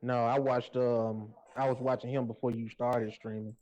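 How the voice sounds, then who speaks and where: A man's voice: medium pitch, level tone, normal speed, dark tone. Laid-back man on dull lo-fi audio. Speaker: stream co-host. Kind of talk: casual watch-along commentary.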